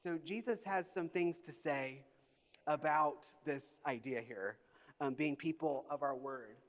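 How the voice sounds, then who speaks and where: In a church auditorium, a middle-aged man with a voice high for a man delivers a sermon full of animated, mock-indignant storytelling. The audio is slightly dull, and his words echo with the long reverb of the large hall.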